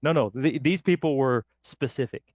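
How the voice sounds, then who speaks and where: A man's voice: medium pitch, normal speed, dry recording. A middle-aged man from northern Canada, a podcast guest telling stories casually and acting out the voices of people in them. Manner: lively, acts out quoted voices in his anecdotes. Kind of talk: casual storytelling.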